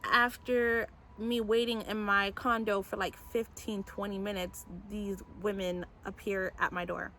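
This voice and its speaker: A young adult woman, a mom vlogger, telling a personal story in a candid, animated storytime vlog. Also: mid-range voice, measured pace, hardly any pauses, a little hiss or hum.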